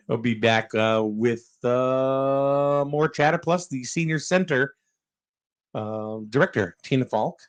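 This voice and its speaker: A man's voice: medium pitch, takes it slowly. A man hosting a casual local morning radio show, rambling with fillers and chuckling as he talks.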